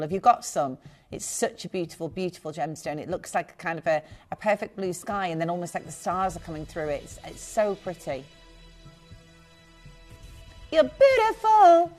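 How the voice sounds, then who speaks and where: A woman presenting live jewellery sales on a shopping channel, chatty and gushing with quick asides. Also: fairly low pitch.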